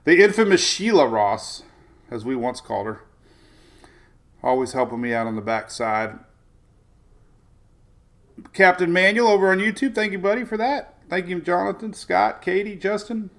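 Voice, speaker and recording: A man in his forties hosts a casual morning weather live stream from his Florida home, rambling chattily, greeting viewers by name, and talking to his dogs. His voice is high-pitched, expressive, and a bit bright, at normal speed with long pauses.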